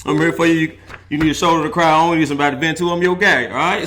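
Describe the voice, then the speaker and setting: A man's voice: a little high, fairly even intonation, very fast, over music. A man hosting a casual football talk show, joking and chatty. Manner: laid-back, joking, chatty with y'all slang. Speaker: sports talk show host. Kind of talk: casual sports talk livestream.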